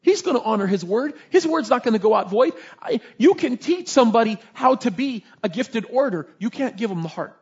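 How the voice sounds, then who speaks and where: A man preaching a sermon, telling Bible stories in an animated way and acting out the characters. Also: very high-pitched, brisk, few pauses, husky, muffled recording. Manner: animated storytelling, voices characters in the tale.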